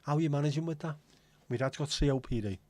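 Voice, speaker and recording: A man's voice: on the high side, quick pace, a little mellow, no room sound. A man hosting a live stream, chatting casually and teasing his viewers as he reads and answers their comments. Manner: friendly, teasing banter with viewers. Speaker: livestream host.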